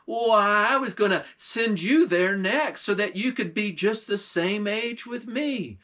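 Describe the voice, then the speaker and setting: A man's voice: high voice, a little slow, pushed and bright, pitched above the performer's own voice. A man voicing a kindly king made young by magic, earnest and scolding in folksy speech. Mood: stern.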